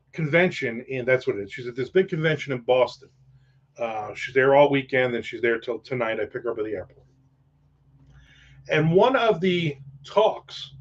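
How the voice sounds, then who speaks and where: A man's voice: on the high side, fairly bright tone. A man hosting a casual livestream chat, rambling with profane jokes and asides. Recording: dull lo-fi sound.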